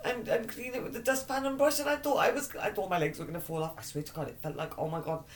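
A woman's voice: medium pitch, fairly even intonation, fast. A woman co-hosting a podcast, dramatic in casual chat, swearing and shrieking. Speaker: podcast co-host.

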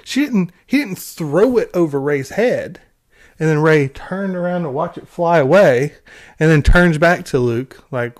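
A man ranting in a sarcastic, exasperated commentary, with halting restarts and repeated words. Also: fairly high pitch, lively intonation. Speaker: film commentary vlogger.

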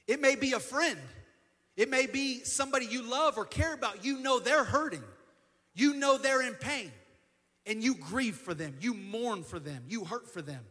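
A man's voice: extremely high pitch, animated, moderate pace, bright, forceful tone. A male assistant pastor preaching a midweek sermon in an earnest way, often repeating and restarting his phrases. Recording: long hall reverb.

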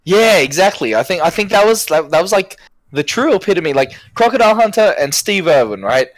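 Casual male podcaster, Australian accent, animated delivery, dry close mic. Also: sits high, fairly quick, no echo. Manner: animated, rambling, frequent fillers. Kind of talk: casual chat.

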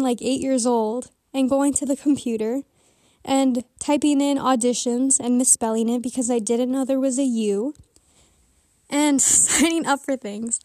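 A woman's voice: high-pitched, steady tone, a little slow, dark tone, no room sound, clean studio sound. A teenage girl talking in a casual, rambling monologue from under a blanket, a little out of breath, with giggly asides. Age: teens. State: slightly out of breath.

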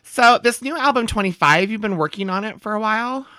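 A man's voice: sits high, a little fast, sharp tone, smooth, no echo, voice pushed up. A man playing a fawning, starstruck radio interviewer in a comedy sketch, who keeps slipping into a British accent. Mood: gushing.

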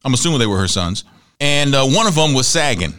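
A man's voice: mid-range voice, sing-song, fast talker, fairly bright tone. A man hosting a talk show, casually running through news and celebrity gossip with wry asides and laughs at his own jokes.

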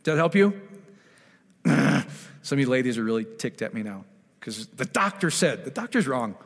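A man preaching a conversational sermon, animated, often asking the congregation questions and acting out quotes. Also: medium pitch, normal speed, vocal fry, big-room sound. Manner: animated, asks the audience questions, acts out quotes. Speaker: pastor.

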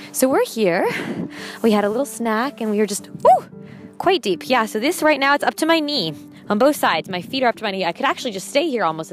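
A woman hosting her show, chatting casually and musing aloud as she walks outdoors beside a river, often correcting herself. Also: medium pitch. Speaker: podcast host. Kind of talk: casual walking monologue.

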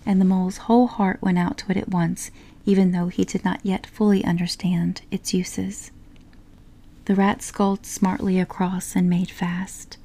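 A woman narrating a storybook in a soft, unhurried whisper. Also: on the low side.

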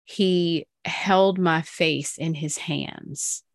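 A woman with a very low voice hosts a faith-based podcast in a casual, affirming way. The sound is dry and close, with no room around it. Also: extremely slow, no echo. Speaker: podcast host.

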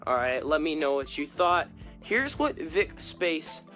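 A man's voice: a little high, very animated, a little slow, fairly bright tone, faint music behind. A man hosting a casual fan podcast, talking in a playful, chatty way. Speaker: podcast host.

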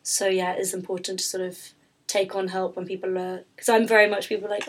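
A husky-voiced woman talks casually about her work, drifting and restarting her sentences and filling gaps with ums. Her pitch stays fairly flat throughout. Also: a little fast. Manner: rambling, with many fillers and restarts. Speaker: pastry business founder, guest. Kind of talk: casual interview chat.

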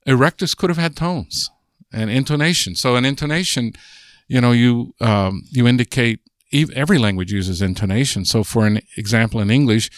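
A man's voice: mid-range voice, no echo, studio quality. An American man, a guest linguist on a podcast, explaining ideas patiently and thinking aloud as he goes. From United States. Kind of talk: podcast interview.

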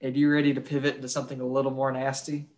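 A man's voice: medium pitch, completely flat delivery, racing, a little mellow. A young man co-hosting a casual true-crime podcast, crude and swearing freely, laughing while he tells grim facts. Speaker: podcast co-host.

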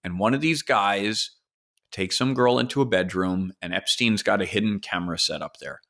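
A man's voice: on the low side, normal speed, a bit bright. A man hosting a solo podcast, telling a story casually and speculating, with the odd curse. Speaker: podcast host.

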